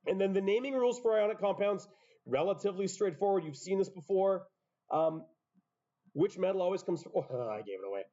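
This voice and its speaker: A man lectures a class on chemistry, walking through each rule step by step and dropping casual asides. His voice sits a little high but sounds mellow and soft-edged. The recording is muffled and lo-fi, as if captured in a classroom. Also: lively intonation, normal speed, long pauses. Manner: explains step by step, self-interrupting asides. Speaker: high school chemistry teacher.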